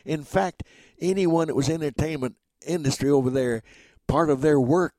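A man's voice: fairly high pitch, normal speed, a little mellow, no echo. Old entertainer guy rambling thru his stories, folksy, dry close sound. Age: older. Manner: folksy rambling storyteller, repeats words, chuckles. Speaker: guest, ventriloquist and entertainer. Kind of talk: interview storytelling.

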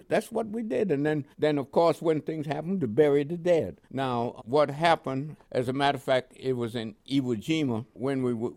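Older male guest, rambling storyteller, dry close sound, mid-pitched voice. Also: darkish tone, no room sound. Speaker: veteran guest. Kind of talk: oral history interview.

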